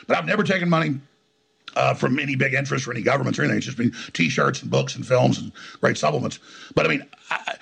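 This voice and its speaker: A middle-aged man telling stories in an interview, talking fast and combatively with frequent restarts and repeated words. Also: mid-range voice, creaky, fairly bright tone, breathy edge. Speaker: interview guest. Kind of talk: heated conversational storytelling.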